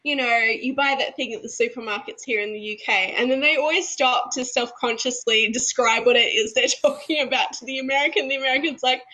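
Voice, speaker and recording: Bright, animated woman chatting. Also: a little high, a little fast, hardly any pauses, rough recording. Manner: animated, laughs often while talking. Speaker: podcast co-host. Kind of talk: casual chat.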